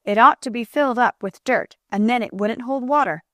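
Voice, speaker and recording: A woman's voice: a little high, fairly quick, no echo, clean studio sound, natural voice. A woman voicing a big, plain-spoken country lad with a rustic dialect in a storybook.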